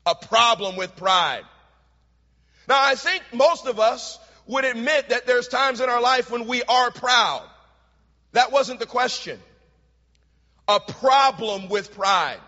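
A male pastor preaching a sermon, swinging from loud shouts to hushed, quiet lines. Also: extremely high pitch. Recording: hall reverb, dull lo-fi sound.

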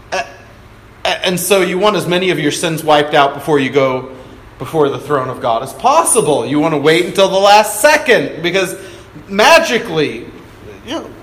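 A man preaching in an earnest, teaching manner, often pausing on fillers and restarting his phrases. His voice sits a little high for a man and carries a roomy echo, with a faint hum of ambience behind it. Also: fairly bright tone. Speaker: pastor. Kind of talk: sermon. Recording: echoey hall with faint ambience.

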